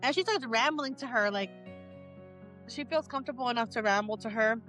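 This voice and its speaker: A woman's voice: on the high side, a little fast, fairly bright tone, faint music behind. A woman co-hosting a casual book club podcast, opinionated and rambling, swearing casually. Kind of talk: casual chat.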